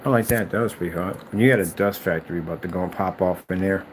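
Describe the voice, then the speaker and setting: A man hosting a gaming video, ranting in exasperated, animated commentary and mocking imagined replies. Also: sits low, quick pace, a little hiss or hum. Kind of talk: ranting commentary over clips.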